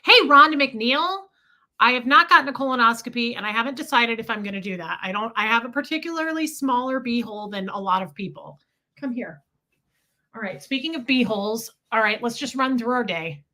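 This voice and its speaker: A woman's voice: fairly high pitch, animated, fairly quick, pushed and bright. A woman hosting a casual livestream, rambling through a story and greeting viewers as she goes. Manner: scattered, chatty, greets viewers mid-story. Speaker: livestream host.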